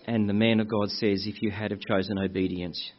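A man's voice: lowish voice, little pitch movement, brisk. A man preaching a sermon in an earnest way, calling the congregation brethren and telling anecdotes. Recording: muffled lo-fi recording.

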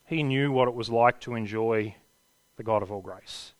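A man preaching a sermon earnestly, building to emphatic peaks and dropping to hushed endings. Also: mid-range voice, moderate pace, no room sound.

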